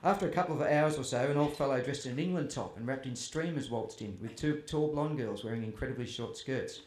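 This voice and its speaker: A man's voice: medium pitch, fast, a little mellow. Chatty man telling funny family stories. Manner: chatty, self-deprecating, quotes his father. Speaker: author speaking at a festival. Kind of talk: humorous storytelling to a live audience. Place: festival tent or hall with audience. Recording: roomy hall with faint ambience.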